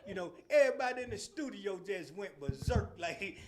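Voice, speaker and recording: Middle-aged male podcast host, high voice, laughs through his stories, loud and animated. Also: normal speed, crowd noise. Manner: laughs often while telling stories; Southern slang, animated and loud. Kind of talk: casual storytelling chat.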